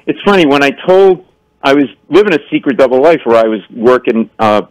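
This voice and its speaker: A man's voice: medium pitch, lively intonation, a little fast, no room sound, rough recording. Storytelling comedian man, dry studio sound. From New York area. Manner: acts out characters in voices, laughing often. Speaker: comedian guest. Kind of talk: animated storytelling in a radio interview. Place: radio studio.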